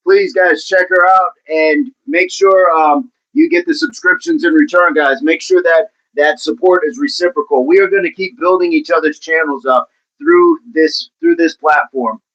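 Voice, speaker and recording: A man hosting a fitness livestream in a casual, upbeat way, chatting and giving playful shout-outs to viewers by name. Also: a little high, moderate pace, highs cut off. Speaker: livestream host of a fitness channel. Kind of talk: casual livestream chat, reading out viewer comments.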